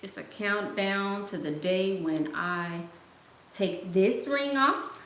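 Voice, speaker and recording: A woman's voice: medium pitch, slow pace, a bit bright. Woman, livestream host, sassy, laughing, echoey room, faint background noise. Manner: sassy, laughing, playful slang. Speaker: host answering live chat. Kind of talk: casual livestream chat.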